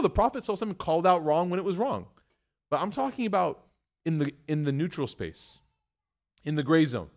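An Islamic preacher with a slightly high voice gives a conversational sermon, telling a story and acting out its quoted voices with lively shifts. He often checks in with "right?" and "okay?".

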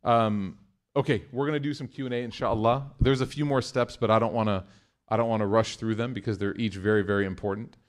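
A man giving an Islamic talk to a live audience, telling stories in a conversational, animated way before taking questions. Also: on the low side, brisk. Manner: conversational, animated storytelling with religious phrases. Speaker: religious speaker.

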